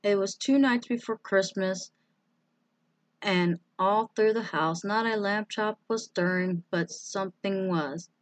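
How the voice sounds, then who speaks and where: Slow, deliberate woman reading a storybook. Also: medium pitch, dry recording. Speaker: storybook reader. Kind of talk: reading a children's book aloud.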